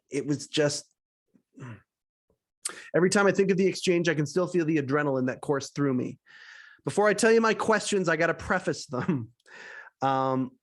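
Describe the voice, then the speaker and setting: A man hosting a podcast, reading aloud his own written story, often chuckling between sentences and getting emotional. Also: a little high. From Canada. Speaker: podcast host.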